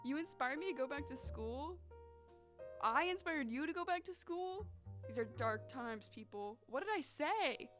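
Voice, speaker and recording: A young woman from North Carolina, chatting casually with her live-stream viewers in a sassy, animated way. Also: high voice, moderate pace. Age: young adult. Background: music.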